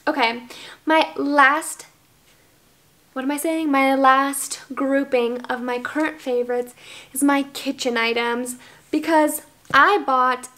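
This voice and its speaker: A woman's voice: high-pitched, fairly bright tone. A woman in her early twenties from the United States, chatting in a casual favorites vlog at home, bubbly and gushing with lots of fillers, recorded on the camera's microphone. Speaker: vlogger.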